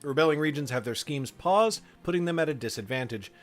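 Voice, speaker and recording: A man streaming a strategy game live, reading out the game's text and chatting casually with his viewers in a relaxed way. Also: fairly high pitch, fairly quick, faint music behind. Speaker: streamer running a game for chat.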